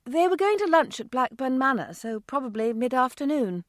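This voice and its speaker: A woman voicing a warm, caring mother who speaks earnestly. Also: high voice, sing-song, moderate pace, no echo, clean studio sound, voice pushed up.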